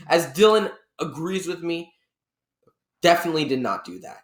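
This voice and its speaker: A man's voice: fairly high pitch, lively intonation, moderate pace, fairly bright tone. Guy on a sports podcast rambling thru game recaps, fixes himself a lot, echoey room. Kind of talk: casual sports analysis chat.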